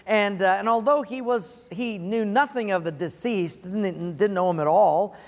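High-voiced pastor preaching in a hall. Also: male voice, moderate pace. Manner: earnest, storytelling, chuckles at his own punchline. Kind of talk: sermon with storytelling. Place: large auditorium.

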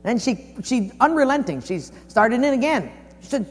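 A man's voice: sing-song, fairly quick. Man preaching in a large echoing hall. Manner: folksy storyteller, acts out quotes with big swings in pitch and volume. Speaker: pastor. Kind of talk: sermon with storytelling.

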